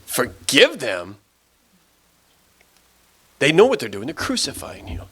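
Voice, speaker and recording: A man voicing a repentant thief on a cross, sneering at first and later pleading, in halting, repeated phrases. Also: medium pitch, wildly swooping pitch, sharp tone, husky, full character voice. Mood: indignant.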